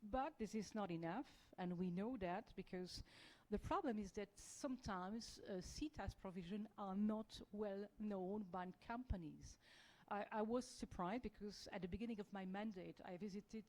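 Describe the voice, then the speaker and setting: A woman with a French accent speaks as an EU diplomat on a panel, hesitating, using many fillers, and restarting her sentences. Her voice is mid-range with a darkish tone, captured in a rough recording.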